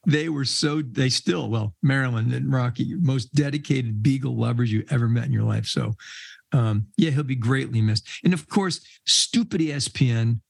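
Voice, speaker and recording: A man's voice: medium pitch, moderate pace, creaky, breathy edge, no echo. An older man, a podcast guest, telling casual rambling anecdotes and laughing mid-sentence. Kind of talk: casual storytelling.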